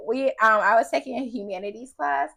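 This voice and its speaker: A young adult woman chatting as a podcast co-host, slightly high in pitch and animated. She laughs often and swears casually, with an easygoing, conversational flow. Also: a little fast, creaky, breathy edge. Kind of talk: casual chat.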